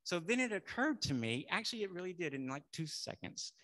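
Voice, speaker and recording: A middle-aged male minister preaching a sermon in a conversational way, saying y'all and building to loud affirmations. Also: high-pitched, big pitch swings, fairly quick.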